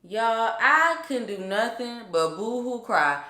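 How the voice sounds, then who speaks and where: A woman's voice: fairly low pitch, lively intonation, measured pace, a bit bright. A young woman telling a personal story in a chatty, emphatic vlog style, full of fillers. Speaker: vlogger. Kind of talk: casual storytime. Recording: roomy echo.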